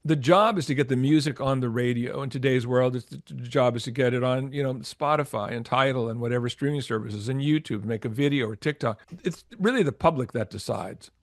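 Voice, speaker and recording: A man's voice: medium pitch, brisk, few pauses, dry recording. Older male guest, storyteller, acts out dialogue, dry close sound. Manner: animated anecdotes with acted-out quotes, frequent restarts. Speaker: former record label promotion executive, guest. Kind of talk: storytelling interview.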